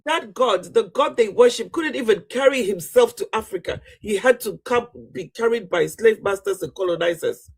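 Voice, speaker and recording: A man's voice: sits high, moderate pace, hardly any pauses, breathy edge. A man hosting a live online debate panel, arguing emphatically and pressing his points with repeated "right?". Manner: preachy, emphatic, keeps asking "right?". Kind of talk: heated debate on a live stream.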